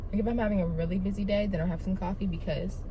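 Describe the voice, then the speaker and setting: A young woman talks straight to her phone camera in a loose, rambling vlog. Her voice sits at a middle pitch, and she tells stories in a chatty, animated way. A faint hum of noise runs under the recording. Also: very fast. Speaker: vlogger. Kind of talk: casual vlog chat.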